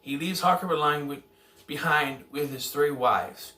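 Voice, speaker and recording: A man casually reviewing a film, rambling and correcting himself as he goes. His voice is bright and forward. He sounds set back from the mic in an echoey room. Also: a little high, measured pace, far from the mic. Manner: rambling, self-correcting, unsure of details. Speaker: movie reviewer.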